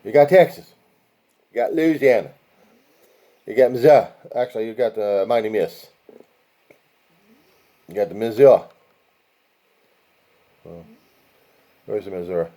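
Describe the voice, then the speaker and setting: A man's voice: lowish voice, unhurried, pauses often, mellow. A man hosting a casual video, talking viewers through a map in a rambling way, with profane asides and chant-like lists of places. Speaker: video host.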